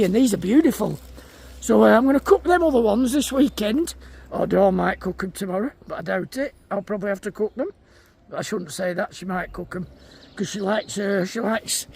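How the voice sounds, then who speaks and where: A man's voice: sits high, gravelly, a little mellow, husky. A man, vlogging outdoors in a field, chatting casually to his viewers and his animals. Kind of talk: casual vlog chat.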